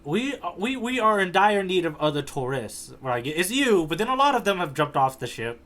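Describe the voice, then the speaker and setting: A man with a somewhat high voice co-hosts a casual podcast. He jokes and teases in easy, playful back-and-forth. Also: sing-song, moderate pace, fairly bright tone. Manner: playful, teasing banter. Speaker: podcast co-host.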